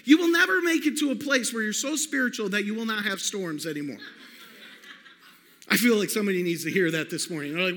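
High, bright-voiced man preaching. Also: brisk. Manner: animated storyteller, calls out to the congregation. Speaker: pastor. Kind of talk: sermon with personal story. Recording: long hall reverb.

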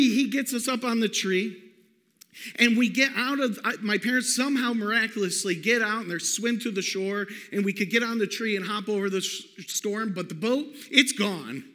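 A man preaching a sermon, telling a personal story in an animated way and calling out to the congregation. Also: very high-pitched. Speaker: pastor. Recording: long hall reverb.

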